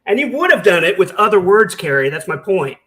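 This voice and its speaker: A high-pitched man delivers angry reaction commentary. He is sarcastic and heated, swearing often as he rants. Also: very animated, a little fast, bright, forceful tone. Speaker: commentary channel host.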